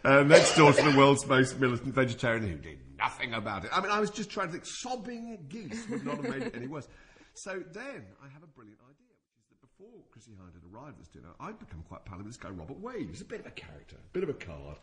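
A man's voice: medium pitch, big pitch swings, fast, a crowd in the background. A middle-aged man telling a comic anecdote to an audience, laughing through his words and stumbling over restarts. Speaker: storyteller on a talk show. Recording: live audience laughter behind.

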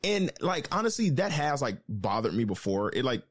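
A man who tells a story with lots of swearing, his pitch swinging widely up and down. He speaks through an online call mic that sounds dry, with no room around it. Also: normal speed, dry recording. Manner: animated, profane storytelling. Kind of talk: casual chat.

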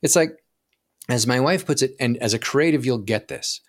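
A man talks as a guest on a podcast, explaining with animation and jumping into little acted-out inner voices. He often trips over words and restarts his sentences. His voice sits at a middle pitch, with a dry, close sound and no room echo. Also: normal speed. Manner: frequent restarts and stumbles. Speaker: podcast guest, profit coach. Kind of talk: podcast interview conversation.

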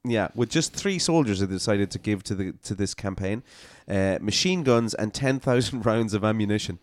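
Low-voiced Irish man chatting. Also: normal speed, no room sound. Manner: tells stories with fillers and chuckles. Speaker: podcast co-host. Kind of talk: casual chat.

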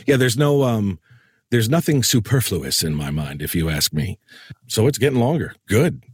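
Low, lively-voiced male podcast host. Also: moderate pace, breathy edge, dry recording, studio quality. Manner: laughs often, chatty, loose and animated; trained voice-over reader. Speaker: podcast host and audiobook narrator. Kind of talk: casual podcast chat.

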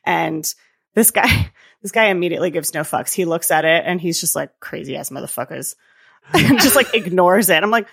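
A woman co-hosting a podcast, retelling scenes in a lively casual chat and acting out the people in them. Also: on the low side, moderate pace, husky. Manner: animated retelling with quoted voices and frequent laughs. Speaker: podcast co-host.

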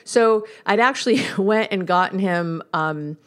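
Woman, therapist-host of a podcast, middle pitch, talks casually, laughs at herself and jumps high when she tells a story. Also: unhurried. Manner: chatty storytelling with frequent laughs and self-mockery.

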